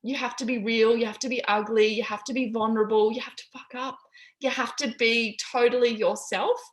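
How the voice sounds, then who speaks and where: A woman's voice: on the high side, fairly even intonation, fairly quick. A woman coaching her team on a live call from a busy home, candid and encouraging, swearing freely. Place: busy home with kids in background. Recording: roomy echo.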